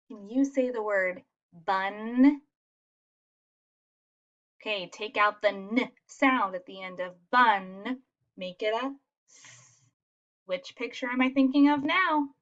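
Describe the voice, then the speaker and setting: Woman teacher, slow encouraging phonics lesson, slightly muffled recording. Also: fairly high pitch, a bit bright. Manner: slow, patient and encouraging, spelling out sounds.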